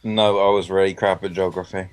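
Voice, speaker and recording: A man's voice: low-pitched, flat delivery, fairly quick, dry recording. A young man with a British accent, a guest in a casual podcast chat, laid-back and apologetic. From Britain. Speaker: guest, new member.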